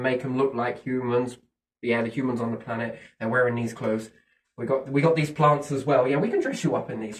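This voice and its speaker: A man talking in a casual, rambling monologue, swearing freely and asking himself questions, then answering them. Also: medium pitch. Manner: animated, profane, speculative, asks himself questions and answers them. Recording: distant from the mic.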